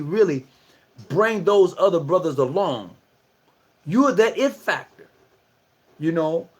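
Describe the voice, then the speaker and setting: His voice is high, husky, and fairly bright as he gives a relaxed livestream talk to fellow lodge members. Conversational but preachy, the Masonic speaker repeats himself and keeps asking rhetorical questions.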